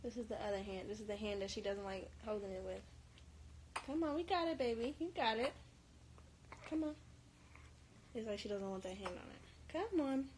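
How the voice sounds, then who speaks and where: A woman livestreaming at home with her baby, coaxing her in gentle baby talk and openly emotional. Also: mid-range voice, expressive, normal speed, long pauses, background noise. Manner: emotional, easily moved. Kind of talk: casual live stream talk.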